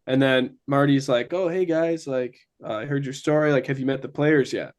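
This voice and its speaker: A man's voice: medium pitch, moderate pace, a little mellow. Chatty young guy telling stories. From Ontario, Canada. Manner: chatty, many fillers. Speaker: guest. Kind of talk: casual storytelling.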